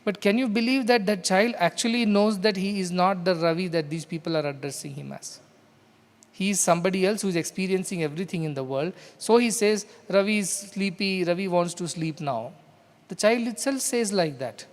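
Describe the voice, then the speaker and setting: A man's voice: high-pitched, a little fast. A man from India, a spiritual teacher, giving an explanatory discourse and acting out what a child says. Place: large hall. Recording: hall reverb.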